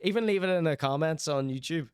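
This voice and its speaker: A man's voice: on the high side, fast, slight background noise. A young Irish man hosting a live-streamed chat show, reading out chat and teasing viewers in rambling, jokey banter. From Ireland. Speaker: livestream host.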